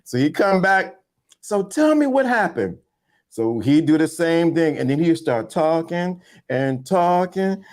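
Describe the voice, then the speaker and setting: Animated storytelling man, lively pitch. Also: unhurried. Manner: animated storyteller acting out voices. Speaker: podcast co-host. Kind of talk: casual storytelling chat.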